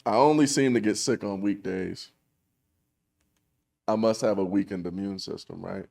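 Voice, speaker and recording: Gravelly-voiced joking male co-host. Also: fairly low pitch, normal speed, a little mellow. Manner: joking, teasing, laughs often. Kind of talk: casual chat.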